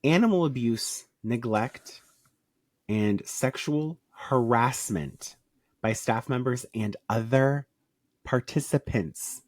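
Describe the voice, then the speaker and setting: A podcast co-host with a Southern US twang, talking in blunt, emphatic, profane bursts with quick asides. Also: mid-range voice, no echo, clean studio sound. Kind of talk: casual podcast chat.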